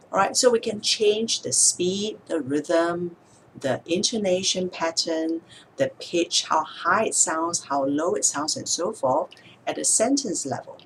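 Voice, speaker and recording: A woman speech therapist explaining speech techniques in a calm, measured way, sometimes slowing down to show a word's stress. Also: fairly low pitch, a little hiss or hum. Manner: calm, measured, demonstrates words slowly with stress. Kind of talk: instructional explanation to camera.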